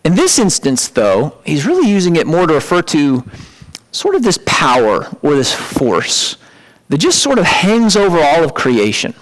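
A man preaching in a relaxed, conversational way, his voice pitched a little high. He ranges widely in tone and leaps up sharply for emphatic asides. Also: low-quality recording. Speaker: pastor. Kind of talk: sermon.

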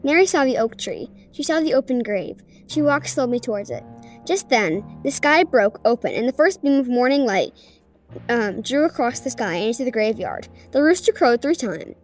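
A woman hosting a podcast, reading a ghost story aloud in an earnest, deliberate way. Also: on the high side, very animated, soft background music. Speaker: podcast host.

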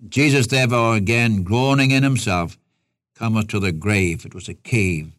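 A man's voice: on the low side, moderate pace, a bit bright, dry recording, studio quality. A man preaching a sermon in an earnest, folksy way, asking rhetorical questions and speaking straight to his listeners as a Bible teacher.

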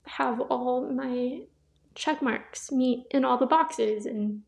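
A young woman hosting a podcast, sharing a personal faith testimony in a soft, halting, emotional way with many pauses. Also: sits high, creaky. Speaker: podcast host. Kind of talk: personal testimony, casual talk.

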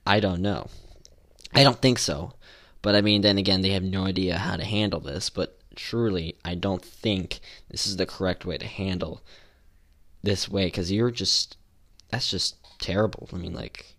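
A man's voice: sits low, normal speed, fairly bright tone. A young man hosting a solo podcast, talking casually and rambling with restarts and fillers. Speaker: podcast host.

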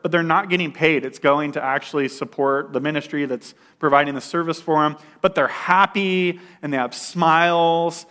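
His voice a little high, a young man relates a personal testimony the way you'd tell a story to friends. The retelling is animated, and "like" crops up constantly as filler.

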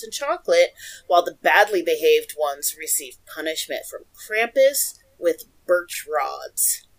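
A woman's voice: lowish voice, low-quality recording. Young woman, podcast co-host, casual chat, reads notes aloud, laughs often. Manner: giggly, reads research aloud with asides.

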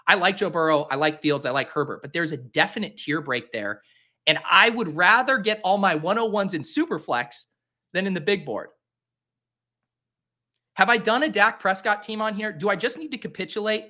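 Bright-voiced man ranting dramatically. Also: high voice, animated, moderate pace. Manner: theatrical self-pitying rants; rambling and joking. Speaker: podcast host. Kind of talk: live-drafting commentary, casual chat.

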